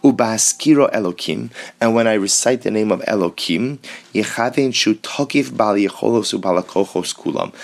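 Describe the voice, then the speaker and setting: A man's voice: on the low side, creaky. Man reading and explaining religious law. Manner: reads Hebrew passages slowly, then explains in English. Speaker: Torah teacher.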